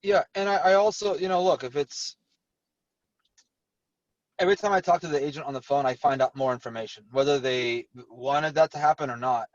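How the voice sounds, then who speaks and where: Man, real estate agent, candid rambling talk, slightly high voice, dry distant mic, muffled video call sound. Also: a little fast, no echo. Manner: candid, rambling with many restarts. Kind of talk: panel discussion over video call.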